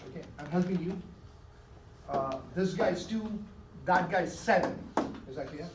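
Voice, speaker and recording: At normal speed and with a voice that sits high, a man delivers a math lecture, encouraging students and asking questions to confirm they're keeping up. Faint hiss accompanies a distant recording in a room full of echo.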